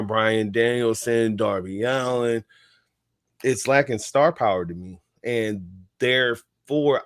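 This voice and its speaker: A man's voice: medium pitch, fairly bright tone, no echo, studio quality. A man on a wrestling podcast panel, giving blunt, opinionated takes in casual chat. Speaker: podcast co-host.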